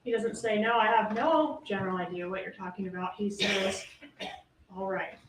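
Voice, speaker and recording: A woman's voice: medium pitch, fairly even intonation, normal speed. Emphatic woman prosecutor in a courtroom. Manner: emphatic, rhetorical questioning. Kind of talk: closing argument to a jury. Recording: roomy courtroom audio from a distance, faint hiss.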